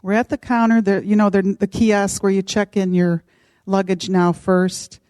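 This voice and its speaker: A middle-aged woman casually telling a personal story, animated and acting out what others said. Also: medium pitch, normal speed, no echo. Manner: animated, acts out quoted voices. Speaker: podcast co-host.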